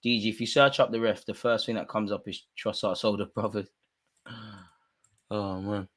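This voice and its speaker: A man co-hosting a live football watch-along, exasperated and heckling the referee, dropping into mutters and rising to shouts with plenty of street slang. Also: on the low side, steady tone, normal speed. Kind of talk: live match commentary and banter.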